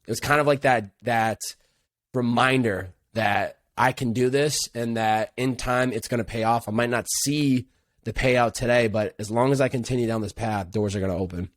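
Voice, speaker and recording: A man's voice: mid-range voice, moderate pace, dry recording, studio quality. A young adult man, a podcast guest, telling his story in an earnest, reflective way with casual slang. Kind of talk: casual interview conversation.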